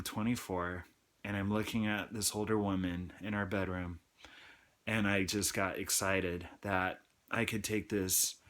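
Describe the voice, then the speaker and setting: A man in his thirties hosting his own channel, telling a personal testimony in a halting, confessional way with many restarts. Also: lowish voice, a bit bright. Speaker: channel host.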